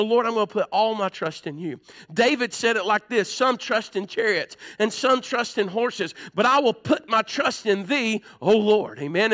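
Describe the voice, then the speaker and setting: A male pastor delivering an emphatic sermon, climbing higher as he presses his points. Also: fairly bright tone. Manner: emphatic, rising in pitch when preaching hard.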